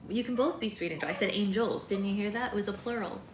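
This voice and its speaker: A woman's voice: mid-range voice, rapid-fire. A woman hosting a live book club, reading a novel aloud steadily with chatty asides. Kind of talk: live-stream read-aloud. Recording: echoey room with faint noise.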